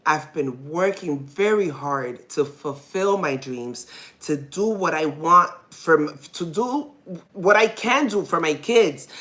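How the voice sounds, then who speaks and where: Candid mom-host, lowish voice, chatty and rambling, laughs off her nerves. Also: fairly bright tone. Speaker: podcast host, mother. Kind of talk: casual personal storytelling.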